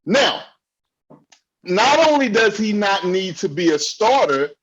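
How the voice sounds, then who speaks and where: A man co-hosting a sports podcast, ranting heatedly and often yelling. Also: sits high, sing-song, takes it slowly, breathy edge, dull audio. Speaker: podcast co-host.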